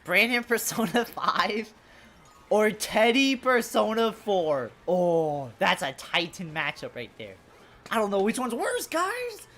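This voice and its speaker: A woman's voice: mid-range voice, very animated, takes it slowly, a bit bright. A young woman streaming a game live, chatting loosely with viewers, cursing often and calling everyone bro. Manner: loose, profane and jokey, addressing chat as bro. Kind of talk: casual live-stream chat.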